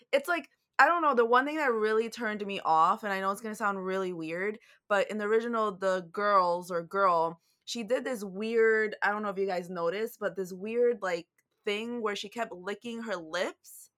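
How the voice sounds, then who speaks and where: A woman's voice: medium pitch, moderate pace, a bit bright. A woman guesting on a podcast in casual chat, blunt and frank about her opinions.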